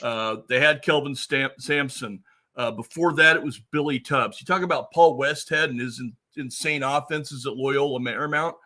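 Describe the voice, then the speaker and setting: A man's voice: medium pitch, normal speed, bright, forceful tone. A man co-hosting a podcast, chatting casually and enthusiastically. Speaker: podcast host.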